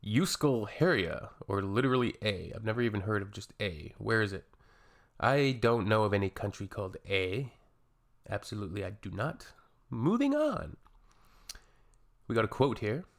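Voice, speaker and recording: A man from Canada with a lowish voice hosts a casual reaction video. He reads comments aloud and answers them with dry, sarcastic jokes. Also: normal speed.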